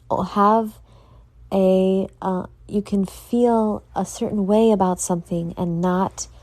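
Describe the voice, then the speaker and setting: Tired woman with a gravelly, low voice. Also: warm tone, no echo. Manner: earnest, motivational, addresses listeners directly. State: tired, yawning. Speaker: podcast host. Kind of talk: casual solo podcast talk.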